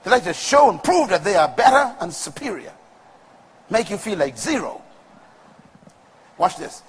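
A man preaching a sermon to a congregation with call-and-response and rhythmic, shouted peaks. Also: high voice, very animated, normal speed, husky. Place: large room with congregation. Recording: long reverb of a large hall.

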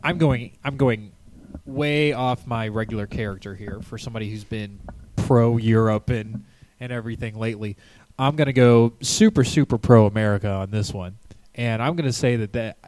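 A man's voice: mid-range voice, moderate pace, a little mellow, no echo. Sarcastic man, dry close sound. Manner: sarcastic, self-mocking wisecracks. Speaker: podcast co-host. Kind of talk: casual chat.

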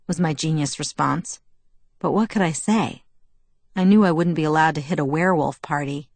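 A woman reading a first-person novel aloud in a measured storytelling manner. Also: deep voice, no echo. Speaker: audiobook narrator.

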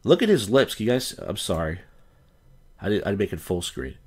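Man, low pitch, husky, rambling crude commentary. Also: big pitch swings, fairly quick, darkish tone. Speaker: streamer. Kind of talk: casual commentary over clips.

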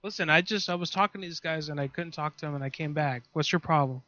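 A man's voice: on the high side, fast talker, pushed and bright. A man making a prank phone call, acting belligerent and swearing. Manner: belligerent, swearing, mock-tough. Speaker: prank caller. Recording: dull lo-fi recording.

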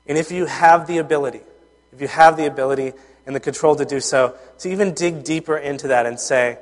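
A man preaching a sermon as a pastor, earnest and conversational, often pausing with fillers and restarting his sentences. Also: on the high side, in a large hall.

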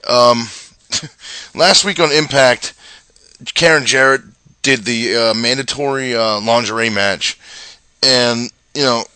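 Man, podcast co-host, casual ranter, bright tense tone, close dry mic. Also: mid-range voice, slow pace, pauses often, clear, resonant tone, no room sound. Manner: rambling, ranting with many fillers. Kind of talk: casual chat.

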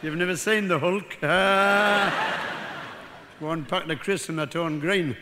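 A man's voice: high voice, slow pace, very noisy. An older man with a Geordie accent doing a rambling, self-mocking stand-up routine and bantering with the audience. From North East England. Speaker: stand-up comedian. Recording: live hall with faint crowd ambience.

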